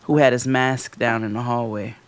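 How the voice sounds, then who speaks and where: A man co-hosting a podcast, telling a story in casual chat, animated and profane, acting out what people said in a raised voice. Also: medium pitch, normal speed, noisy background. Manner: animated, profane, acts out quotes loudly. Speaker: podcast co-host.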